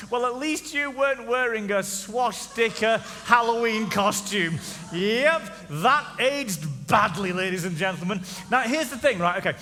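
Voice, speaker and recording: A pastor with a high, bright voice that rings through a church hall with a long echo. He preaches in a jokey, teasing way and keeps asking the crowd questions. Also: moderate pace. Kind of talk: comedic sermon. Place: church auditorium.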